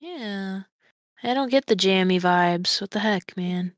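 A woman's voice: medium pitch, a little slow, dry recording. A woman co-hosting a podcast, talking casually and joking playfully. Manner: playful, laughs and jokes. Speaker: podcast co-host.

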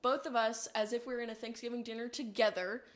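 A young adult woman co-hosting a casual podcast, swearing freely and often breaking into loud laughter. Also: fairly high pitch, fairly even intonation, fast talker. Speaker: podcast co-host.

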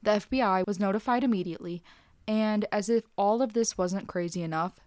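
A woman co-hosting a true crime podcast, reading narration and bantering in a relaxed way. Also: medium pitch, brisk, no echo, clean studio sound. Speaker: podcast co-host.

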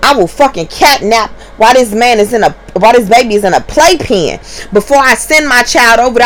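A woman's voice: a little high, expressive, brisk, hardly any pauses, fairly bright tone. A young woman and mother telling a story to her viewers in a casual, profane and emphatic way.

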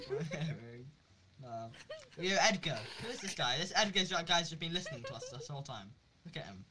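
A man's voice: a little high, very animated, fairly quick. A man bantering in a game's voice chat, slangy and laughing, saying "bro" a lot. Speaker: game voice-chat player. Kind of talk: casual banter. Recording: noisy voice chat.

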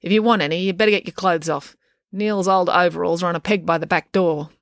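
A woman's voice: lowish voice, fairly even intonation, quick pace, no room sound, clean studio sound, lightly acted. A woman voicing a brusque old ex-circus lady. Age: older. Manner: brusque, blunt and commanding. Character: stern old female former circus aerialist.

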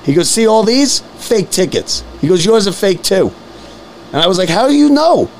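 New guy in his 40s rambling thru a story, slightly high voice, faint hiss behind. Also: normal speed. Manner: animated storyteller, repeats words, acts out quoted voices. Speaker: podcast host. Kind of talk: casual storytelling chat.

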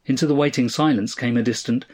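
A man narrating a story in a measured, dramatic reading style. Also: medium pitch, steady tone, darkish tone.

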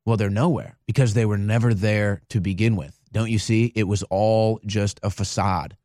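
A man's voice: lowish voice, fairly even intonation, moderate pace, darkish tone, no room sound, clean studio sound. A man hosting a live show, giving emphatic, ranting political commentary. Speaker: host.

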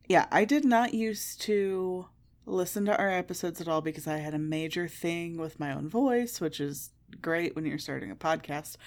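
A woman with a Midwestern American accent co-hosting a podcast, chatting candidly, swearing freely and laughing at herself. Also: low-pitched. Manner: candid, profane, self-mocking, laughs often. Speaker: podcast co-host. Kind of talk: casual chat.

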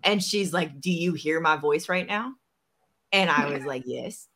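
A woman telling a personal story in a casual podcast chat, animated and acting out the lines of the people in it. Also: sits low, a little slow. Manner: animated, acts out quoted dialogue. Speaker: podcast host.

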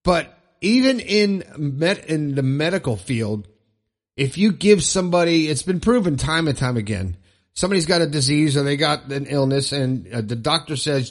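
A man's voice: a little high, lively intonation, normal speed. A middle-aged man hosting a solo motivational podcast, upbeat and rambling, often repeating phrases for emphasis. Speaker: podcast host. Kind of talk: solo motivational talk show.

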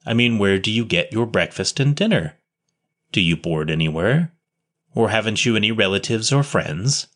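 A man's voice: lowish voice, lively intonation, normal speed, fairly bright tone. A man voicing a kindly nun who questions a street boy tenderly, reading a story aloud. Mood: gently questioning. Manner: tender, pitying, coaxing. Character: kindly gentle nun, adult woman.

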